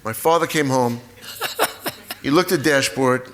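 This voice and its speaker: A man in his sixties, a guest author in a live stage conversation, telling family stories with lively acted-out moments. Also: mid-range voice, moderate pace, a little hiss or hum. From United States. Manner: animated storyteller, acts out family scenes. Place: auditorium stage before an audience.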